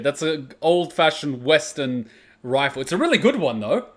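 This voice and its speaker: A man hosting a casual reaction video, animated and outspoken, swearing and laughing as he talks. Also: fairly high pitch, moderate pace.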